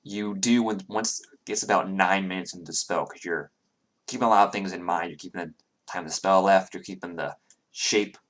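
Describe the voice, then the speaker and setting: A man narrating a tabletop game as dungeon master, halting with many ums and restarts. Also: sits low, fairly even intonation, a bit bright.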